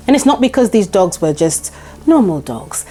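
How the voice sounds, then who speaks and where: Woman vlogging her own story, soft mellow tone, hammers her points over and over, faint music underneath. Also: mid-range voice, big pitch swings, normal speed. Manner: emphatic, repeats points for stress. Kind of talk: personal storytelling to camera.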